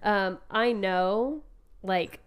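A woman's voice: medium pitch, very slow. A woman co-hosting a podcast in casual chat, a little congested, speaking into a mic on a stand and filling her talk with "like" and "um". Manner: chatty, full of "like" and "um" fillers, laughs often. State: slightly congested. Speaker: podcast co-host. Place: indoor room at a small table. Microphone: microphone on a stand.

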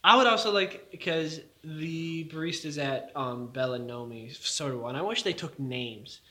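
A man's voice: fairly high pitch, normal speed, bright, forceful tone. A young man chatting casually, rambling with lots of fillers and laughter. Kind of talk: casual chat.

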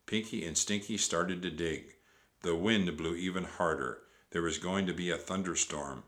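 Deep-voiced man reading a storybook. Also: normal speed. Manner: animated reading. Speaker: narrator. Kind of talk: storybook read-aloud.

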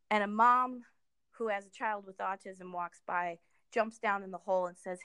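A middle-aged woman talks in an easy, conversational way, stopping and restarting with lots of fillers. Her voice sits in an ordinary middle pitch. The sound is close and dry, with no room around it. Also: a bit bright, clear, resonant tone, no room sound. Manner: halting, many fillers and restarts. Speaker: guest. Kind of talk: casual conversation.

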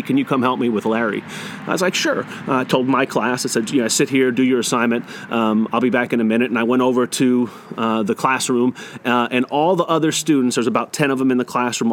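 A man who used to be a teacher, telling a personal story and acting out the dialogue, with frequent restarts and fillers. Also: mid-range voice. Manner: animated, acts out the dialogue. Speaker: former teacher.

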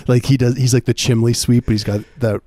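A man co-hosting a comedy podcast, going along with the jokes deadpan and often repeating words as he restarts. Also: medium pitch, fast. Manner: stammering restarts, deadpan agreement with the bits. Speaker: podcast co-host. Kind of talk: casual comedic banter.

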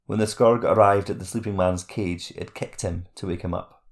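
Gravelly male storyteller. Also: sits low, fairly even intonation, moderate pace. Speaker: narrator. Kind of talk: audiobook fantasy narration.

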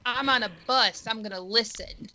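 Bright-voiced wry woman from Michigan. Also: fairly high pitch, normal speed, no room sound. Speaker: guest. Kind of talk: casual chat.

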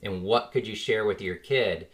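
A man's voice: on the low side, normal speed. A man, likely in his thirties, talking casually and earnestly as a podcast host, full of "like" fillers and small chuckles. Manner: rambling, frequent "like" fillers, earnest; chuckles now and then while talking. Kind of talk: casual reflective monologue.

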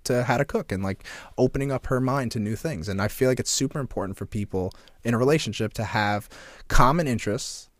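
A man chatting casually on a podcast, telling stories with lots of swearing and sometimes jumping into squeaky mocking voices. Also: brisk, no echo, clean studio sound. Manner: animated storyteller, swears a lot, jumps into squeaky mocking voices. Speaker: podcast co-host.

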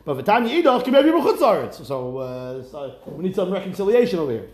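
A man teaching a Talmud class, lively and questioning, mixing Hebrew and Aramaic terms into his English. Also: high-pitched, fairly quick, roomy sound.

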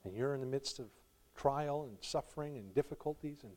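A male pastor preaching a sermon, swinging from quiet reflection to loud, pleading emphasis, with warm laughs between points. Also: medium pitch, a little fast, background noise.

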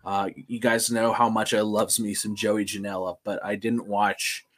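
A man co-hosting a podcast, talking in a rambling, excitable way with lots of fillers and restarts. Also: fairly low pitch, moderate pace. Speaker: podcast co-host. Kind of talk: casual chat.

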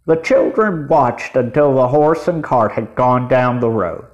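A man reading a children's storybook aloud as narrator, in a measured way. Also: medium pitch, highs cut off. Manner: measured, deliberate.

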